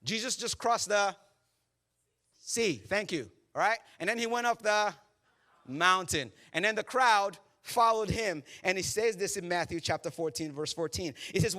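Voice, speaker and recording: A man preaching a sermon as pastor, animated and joking, acting out the voices in his stories. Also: high-pitched, normal speed. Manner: animated, joking storyteller who acts out quotes. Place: church service.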